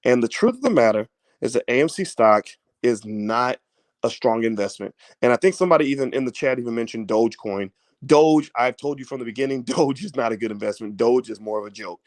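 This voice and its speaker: A man's voice: medium pitch, animated, fairly quick, no room sound. A man giving casual livestream finance commentary, folksy and preachy, with everyday analogies and repeated phrases for emphasis.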